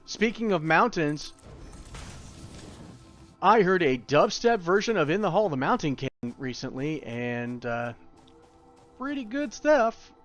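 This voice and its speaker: A young man talks through his gameplay in a loose, chatty way, joking at his own expense as he builds. His voice sits a little higher than most men's. Faint music plays underneath. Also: animated, a little slow, pauses often, fairly bright tone. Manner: rambling, self-deprecating, chatty asides. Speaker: gaming YouTuber. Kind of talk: casual let's-play tutorial commentary.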